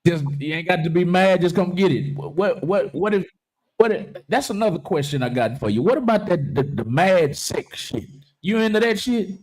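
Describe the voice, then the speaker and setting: A man with a fairly high speaking voice hosts a live stream, joking loudly and reading viewer comments aloud between stories. His banter is casual and full of swearing. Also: expressive, moderate pace. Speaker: livestream talk show host.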